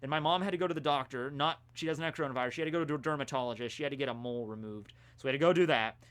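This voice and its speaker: A man's voice: mid-range voice, rapid-fire, fairly bright tone, clear, resonant tone. A young man casually answering chat questions on a live stream, rambling and laid-back.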